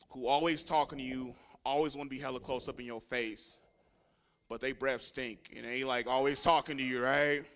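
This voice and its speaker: A man doing a stand-up set, telling stories loudly with shouted punchlines and dropping into low, mumbled voices for the people in them. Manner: loud, animated storytelling with shouted punchlines; swears a lot, drops into low mumbling voices for characters. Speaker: stand-up comedian. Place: comedy club stage.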